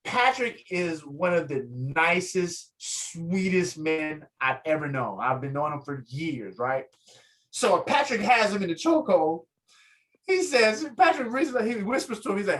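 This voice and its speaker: A man, a guest on an interview show, telling a story with lively energy and acting out what others said. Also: measured pace, low-quality recording. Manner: lively, acts out quotes, swings pitch up in excitement. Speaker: guest, photographer and fighter. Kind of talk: animated storytelling in casual interview.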